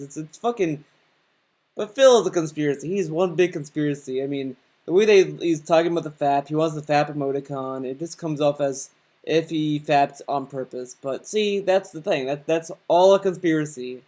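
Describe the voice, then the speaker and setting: A man's voice: fairly high pitch, normal speed, dark tone. Sarcastic swearing male commentator. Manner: sarcastic, mocking, swears often. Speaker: commentator reacting to a streamer's video. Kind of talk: casual profane reaction commentary.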